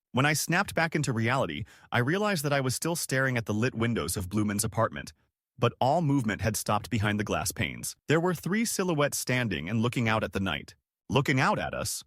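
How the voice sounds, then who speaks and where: A young man narrating a horror story in a dramatic, expressive way. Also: lowish voice, no room sound, clean studio sound. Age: young adult.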